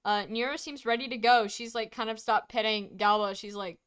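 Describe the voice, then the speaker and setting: A woman's voice: a little high, fairly even intonation, a little fast, fairly bright tone, clear, resonant tone. A young woman narrating a tabletop role-playing game as game master, casual with frequent fillers. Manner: casual, many fillers, laughs along.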